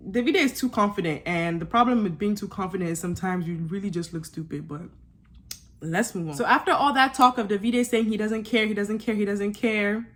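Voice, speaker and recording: A young woman giving a sassy, animated recap of a reality show, with laughing asides. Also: mid-range voice. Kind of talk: casual recap commentary.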